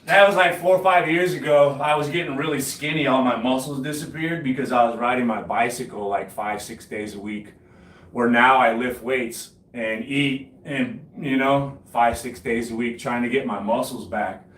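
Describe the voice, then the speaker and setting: A man's voice: medium pitch, normal speed, fairly bright tone, far from the mic. A man in his late forties boasting casually about his cycling, swearing freely and laughing at his own stories. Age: 40s. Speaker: home gym streamer. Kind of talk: casual storytelling chat. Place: home gym. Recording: echoey room, from the mic, faint noise.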